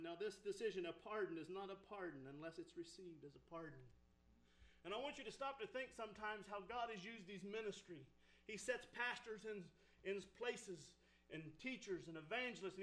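A man's voice: high voice, sharp tone, poor audio. A man preaching a sermon, telling a folksy story and building to fervent exhortation.

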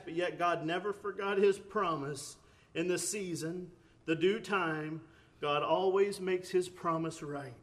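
A man preaching a sermon, earnest, with rising emphatic bursts, often repeating words and restarting phrases. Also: high-pitched.

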